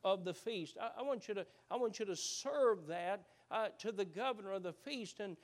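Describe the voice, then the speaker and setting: A man preaching a sermon, halting with many uh's and repeated words, swinging from loud and rising to hushed and low. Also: lively intonation.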